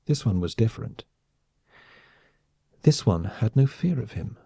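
A man narrating an audiobook in a measured, even storytelling manner. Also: lowish voice, vocal fry, slightly rough, dry recording, studio quality. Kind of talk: scripted narration.

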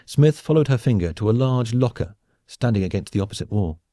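An audiobook narrator reads a comic science-fiction story in a measured, wry, and animated manner. His voice is low and mellow. The scripted narration is recorded dry and close, with no room sound.

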